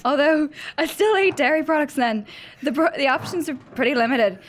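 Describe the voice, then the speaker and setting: A woman's voice: sits high, expressive, brisk, pitched above the performer's own voice. A woman doing a fake cork irish accent, playful, reading a recipe aloud. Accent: put-on Irish, Cork. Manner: reading aloud, half-laughing.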